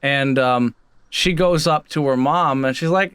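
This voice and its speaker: Young man, podcast co-host, casual chat, animated storytelling, slightly high voice, dry sound. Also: moderate pace, clear, resonant tone, no room sound.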